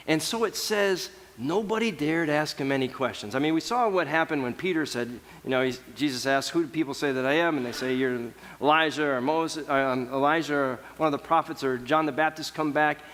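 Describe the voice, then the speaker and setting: A man preaching a sermon as pastor in a relaxed, conversational storytelling way, acting out the people in the story. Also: fairly high pitch, big-room sound. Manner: conversational storytelling, voicing biblical figures.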